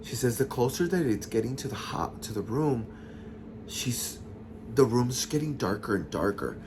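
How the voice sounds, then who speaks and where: A man casually retelling a listener's ghost story, chatty and expressive, with sassy asides to the audience. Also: mid-range voice, moderate pace, background noise.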